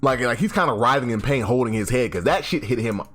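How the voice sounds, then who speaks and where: A man giving a casual, animated comic recap, swearing freely and often restarting his sentences. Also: medium pitch, quick pace. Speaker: YouTube host. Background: faint background music.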